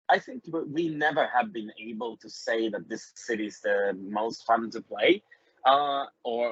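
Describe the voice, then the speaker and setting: A middle-aged man with a Swedish accent talks casually as a podcast guest, friendly and halting, with lots of fillers. His voice is a bit husky and sits in a middle pitch. The audio is dry and dull, like a remote call. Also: no room sound. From Sweden. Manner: hesitant, many fillers, friendly. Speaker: guest musician. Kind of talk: casual interview chat.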